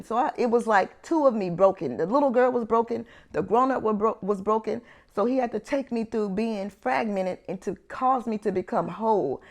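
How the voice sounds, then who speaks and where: A woman's voice: a little high, gravelly. A woman sharing a personal faith testimony in an earnest storytelling manner, acting out the dialogue she recalls. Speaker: ministry founder sharing testimony.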